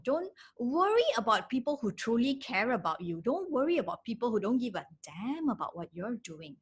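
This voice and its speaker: A middle-aged woman, teaching a live webinar as an online presence trainer, animated and emphatic, repeating her key phrases. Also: medium pitch, slightly rough.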